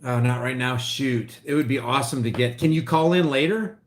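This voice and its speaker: A middle-aged man from Oklahoma, rambling and restarting as he reads live chat on his livestream, his voice swinging between loud and quiet. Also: mid-range voice, normal speed. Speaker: vlogger reading live chat.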